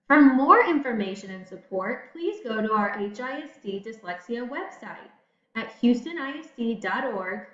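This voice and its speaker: A woman teacher giving a recorded spelling lesson, talking slowly and encouragingly to young students. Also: a little high, sing-song, a bit bright. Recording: echoey room, dull lo-fi audio.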